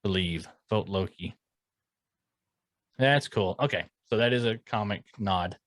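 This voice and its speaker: Man, low voice, dry close sound, laid-back, podcast co-host, dry jokes. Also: measured pace, no room sound. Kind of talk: casual chat.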